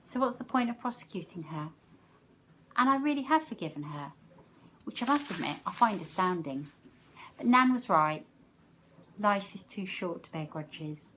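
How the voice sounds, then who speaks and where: A woman teacher reading a novel aloud, expressive, letting her loudness rise and fall with the story. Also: mid-range voice, moderate pace, pauses often, slight background noise.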